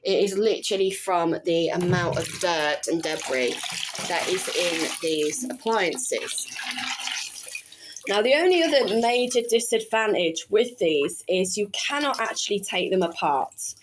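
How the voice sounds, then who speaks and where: A woman's voice: fairly low pitch, lively intonation, a little slow, background noise. A woman, chatting casually through a home cleaning vlog, correcting herself and adding wry asides. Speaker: vlogger. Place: home bathroom.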